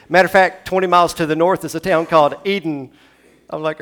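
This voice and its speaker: A man's voice: steady tone, moderate pace. A man from Tennessee preaching a sermon in a church, talking conversationally and acting out the scripture dialogue. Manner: conversational, dramatizes scripture dialogue with shifting pitch and loudness. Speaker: pastor. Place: church sanctuary.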